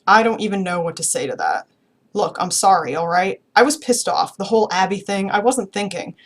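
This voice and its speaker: Brief: a woman voicing a remorseful teen boy, halting and pleading, read from a novel. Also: medium pitch, lively intonation. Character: remorseful teenage boy apologizing.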